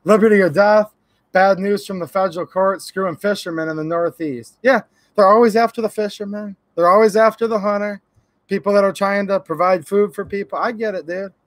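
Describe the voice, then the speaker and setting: A man from Michigan hosts a casual livestream. He talks in a fairly high voice and greets his viewers by name, friendly and opinionated. The sound is dry and close, with no room echo. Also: steady tone, brisk. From Michigan, USA. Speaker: YouTube channel host. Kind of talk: casual livestream chat reading viewer comments.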